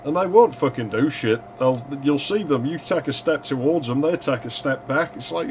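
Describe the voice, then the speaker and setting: A man's voice: on the high side, expressive, normal speed, few pauses, a little hiss or hum. Sweary man streaming a game. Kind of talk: casual gaming stream commentary.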